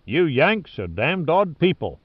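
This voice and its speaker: A man's voice: fairly high pitch, big pitch swings, unhurried, husky, no room sound, pitched above the performer's own voice, heavily acted. A man doing a hearty, effusive ship captain, raised and exclaiming. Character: hearty ruddy big male ship captain. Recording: dull lo-fi dry recording.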